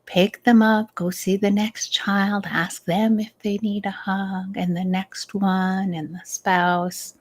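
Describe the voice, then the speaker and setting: A middle-aged woman, working as a stress management coach, gives a live advice talk in a gentle, unhurried way, laughing easily. Her voice is mid-range and her tone level.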